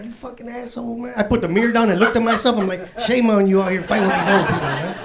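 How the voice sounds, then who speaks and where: A man in his forties doing a stand-up comedy set on a club stage, with loose, profane street talk and laughter through his punchlines. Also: high-pitched. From Chicago south side. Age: 40s. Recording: live club set with crowd noise. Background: audience laughter.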